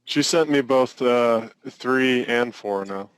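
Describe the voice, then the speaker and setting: A man's voice: medium pitch, slow pace, clean tone, dry recording, poor audio. A man who is the guest concept artist, chatting casually with short, easygoing replies on a live stream.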